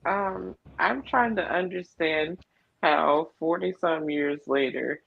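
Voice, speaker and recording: A woman's voice: deep voice, vocal fry, highs cut off. A woman co-host teasing a friend in a casual live chat, laughing as she speaks. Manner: teasing, slow, laughing asides. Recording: noisy stream audio.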